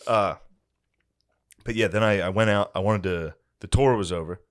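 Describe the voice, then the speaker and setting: A young man with a fairly low voice spins a casual story on a podcast. He talks in a deadpan, profane way, building up to each turn of the tale. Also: brisk, no room sound, clean studio sound. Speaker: podcast co-host.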